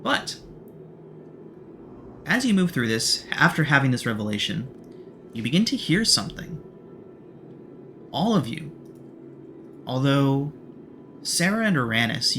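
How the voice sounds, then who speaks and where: A man running a tabletop game, narrating scenes in a measured, descriptive way. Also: mid-range voice, sing-song, bright, forceful tone, slight background noise. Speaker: game master.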